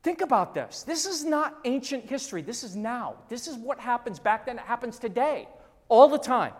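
A pastor in their fifties preaching a sermon emphatically, repeating phrases and dropping to a hush on key words. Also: medium pitch, very animated, normal speed. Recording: long hall reverb.

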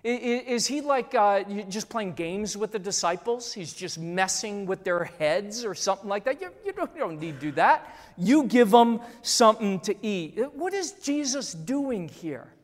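Pastor preaching, repeats lines, loud-soft swings, long hall reverb. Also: medium pitch, normal speed, few pauses. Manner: animated, repeating phrases, surging and dropping volume. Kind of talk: sermon. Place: church hall.

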